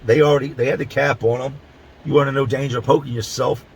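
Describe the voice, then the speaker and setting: Telling a prison story casually to camera, this middle-aged Philadelphia host uses blunt, profane street language and stretches words for emphasis. His medium-pitched voice is slightly rough, and the audio quality is poor.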